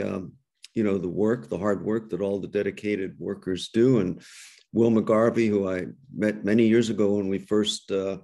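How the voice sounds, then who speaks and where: Older man giving a halting reflective talk. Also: fairly low pitch, creaky, darkish tone. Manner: halting with many restarts, then rhetorical questions. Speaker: rabbi and guest speaker. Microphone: video call.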